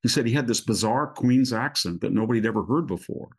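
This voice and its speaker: An older man, a guest commentator, telling stories in a political talk show conversation and quoting others in animated asides. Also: medium pitch, fast talker, slightly rough.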